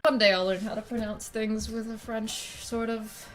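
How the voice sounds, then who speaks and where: A woman's voice: fairly high pitch, flat delivery, normal speed, hardly any pauses, soft background music. Rambling swearing woman streamer. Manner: rambling, self-deprecating, swears freely. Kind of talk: casual live-stream chat.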